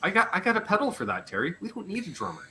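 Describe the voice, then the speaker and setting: A playful Canadian man runs a live chat show and rattles through a roll call of viewer names. His voice sits fairly high and swings all over, with a bright edge. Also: huge pitch swings, very fast. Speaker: podcast host.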